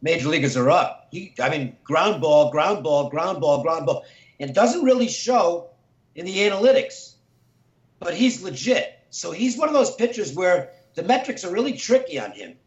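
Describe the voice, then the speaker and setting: A man's voice: fairly high pitch, very animated, normal speed, reverberant, lo-fi sound. A man, a sports handicapper, talking through betting picks in a conversational, analytical way.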